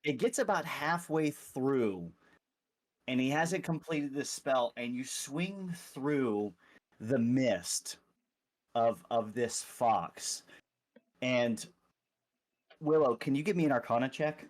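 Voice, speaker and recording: Man, game master, tabletop narration, quick, halting, mid pitch. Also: animated.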